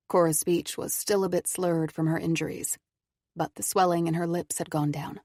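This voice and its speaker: Low, gravelly woman narrating a story. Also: no room sound, studio quality. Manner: calm, measured first-person telling. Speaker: audiobook narrator. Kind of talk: scripted audiobook narration.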